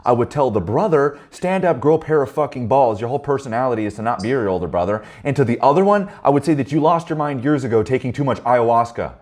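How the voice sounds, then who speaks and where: A man leading a men's group, telling stories in a blunt, profane and animated way. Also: mid-range voice, fast talker, hardly any pauses. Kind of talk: candid group talk.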